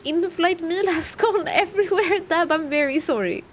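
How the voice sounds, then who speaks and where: A woman's voice: very high-pitched, normal speed, slight background noise. A young woman streaming a game live, chatty and thinking aloud while talking to her chat. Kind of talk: live gameplay commentary.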